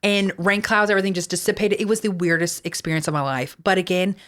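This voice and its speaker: Casual Texan woman co-host, low-ish voice, swears, rambles. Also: steady tone, fast, fairly bright tone. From Texas. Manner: chatty, swears often, rambling asides. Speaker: podcast co-host. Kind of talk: casual podcast storytelling.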